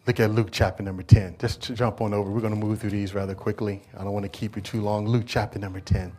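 A man preaching a church sermon, moving from quiet, conversational talk to loud call-and-response questions. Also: fairly low pitch, little pitch movement, quick pace. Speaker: pastor. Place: church service.

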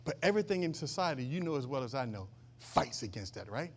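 A male pastor preaching a sermon, swinging from loud declarations to hushed asides and asking the congregation questions. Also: mid-range voice, sing-song, fast. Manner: asks the congregation call-and-response questions.

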